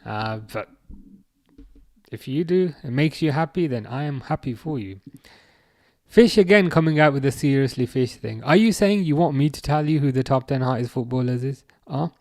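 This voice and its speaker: On his casual football livestream, a man reads viewer comments and replies, speaking at normal speed in a medium-pitched, slightly mellow voice. The dry recording is studio quality, and his delivery is hesitant, riddled with fillers and false starts.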